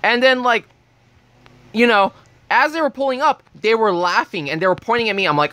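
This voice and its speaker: A young man with a high voice rants bluntly in a casual vlog, cursing as he goes. The recording is close and dry, with no room sound. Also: brisk, sharp tone, no room sound. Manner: blunt, heated, swearing. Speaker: vlogger.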